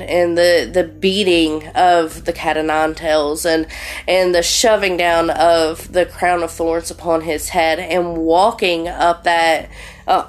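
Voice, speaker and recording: A woman preaching slowly in a somewhat low voice, pausing and restarting as she searches for words. She speaks with earnest feeling, and soft music runs faintly behind her. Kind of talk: devotional sermon.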